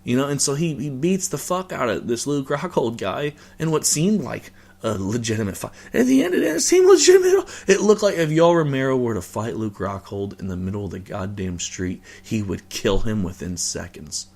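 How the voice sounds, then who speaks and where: Gravelly man ranting, rambling and profane. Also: medium pitch, normal speed, hardly any pauses, darkish tone. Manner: rambling, profane, many fillers and restarts. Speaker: host. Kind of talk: casual reaction rant about a fight.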